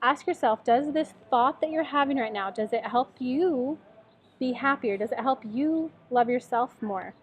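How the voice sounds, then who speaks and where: A woman's voice: high-pitched, unhurried, husky. A woman giving a casual tarot reading in a chatty, encouraging way, with lots of "like" and "um". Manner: chatty, encouraging, many fillers. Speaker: tarot reader. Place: lives in Tennessee.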